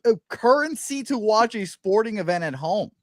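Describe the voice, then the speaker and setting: Profane, animated man telling stories. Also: high voice, moderate pace, no room sound. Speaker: co-host. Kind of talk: casual sports betting chat.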